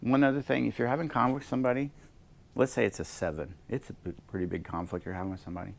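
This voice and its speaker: A low, gravelly male voice leads a leadership workshop. He teaches with energy and acts out each side of the conversations he describes. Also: rapid-fire, slight background noise. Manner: animated, acts out both sides of conversations. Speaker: leadership coach leading a workshop.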